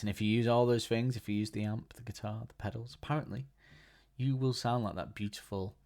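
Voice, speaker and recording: Low-voiced rambling podcast host, man. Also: a little mellow. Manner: enthusiastic, rambling, frequent restarts. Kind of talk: casual solo podcast chat.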